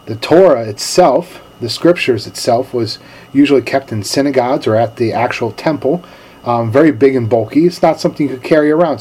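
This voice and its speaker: A male pastor giving a sermon in a relaxed, storytelling manner with casual slang. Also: mid-range voice.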